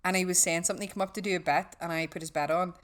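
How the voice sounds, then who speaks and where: Fast-talking Northern Irish woman. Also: on the low side, fairly even intonation. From West Belfast, Northern Ireland. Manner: swearing storyteller, acts out quotes. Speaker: guest. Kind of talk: casual podcast chat.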